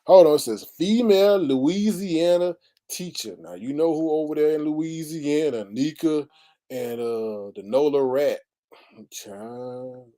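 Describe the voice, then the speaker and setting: A man's voice: medium pitch, expressive, unhurried, warm tone. A man hosting a casual livestream, exclaiming, sighing and greeting his chat viewers. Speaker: livestream host.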